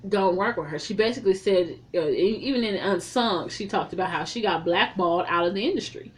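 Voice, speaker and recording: A woman reviewing a film in a casual, profane recap, telling the story in an animated way with heavy slang. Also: mid-range voice, brisk.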